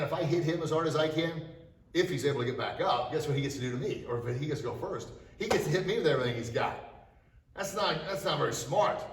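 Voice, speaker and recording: A middle-aged man teaching a martial arts class, demonstrating self-defense moves with energy and sharp shouted strike cries. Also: fairly high pitch, distant mic. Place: martial arts studio, indoors. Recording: echoey studio, voice from off-mic.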